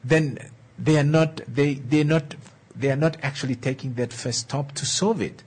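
A man's voice: medium pitch, darkish tone, breathy edge. A man giving an earnest motivational talk on relationships, repeating key lines and checking in with his listeners. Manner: earnest, coaxing, slow and emphatic. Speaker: relationship speaker.

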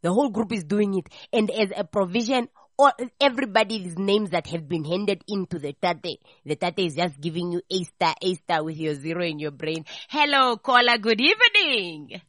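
A woman hosting a radio call-in show, chatting casually and telling a gossipy story with lively voices for the people in it. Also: fairly low pitch, moderate pace, dry recording, clean studio sound. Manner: animated, acts out the people in her stories.

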